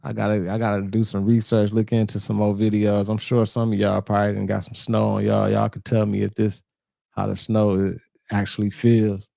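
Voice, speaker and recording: Man, live-stream host, laid-back drawl, gravelly low voice, dry close sound. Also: completely flat delivery, moderate pace, warm tone, no echo. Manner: laid-back, drawling, greets chat by name. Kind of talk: casual live-stream chat.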